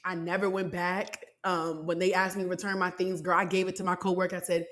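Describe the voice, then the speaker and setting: A woman's voice: fairly low pitch, brisk, hardly any pauses. Emotional woman telling her story. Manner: emotional, animated, faith-filled, addresses listeners as y'all and child. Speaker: podcast host. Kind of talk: personal storytelling to listeners.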